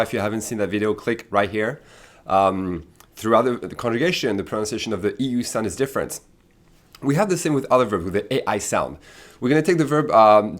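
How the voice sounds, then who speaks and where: A man teaching a French pronunciation lesson to camera, patiently repeating words slowly so learners can hear each sound. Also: mid-range voice. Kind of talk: online language lesson.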